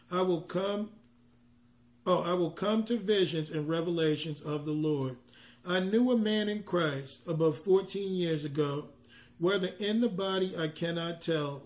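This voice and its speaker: A man ministering a sermon, reading scripture slowly and then explaining it in an earnest, conversational way with personal asides. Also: a little high. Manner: reads scripture slowly in King James wording.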